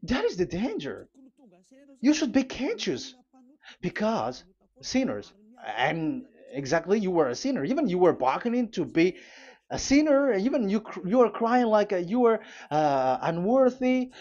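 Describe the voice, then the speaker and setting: A man's voice: high-pitched, huge pitch swings, a little mellow. A man preaching a live sermon, reading scripture aloud and pressing urgent warnings on his listeners, with frequent fillers and restarts. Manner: halting, many fillers and restarts. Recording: dull lo-fi sound.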